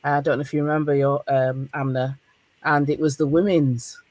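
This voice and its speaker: A middle-aged woman with a Northern English accent hosting a podcast roundtable over a video call, chatting in a casual, animated way. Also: sits low, moderate pace, no echo. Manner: animated, laughing, encouraging. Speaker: podcast host.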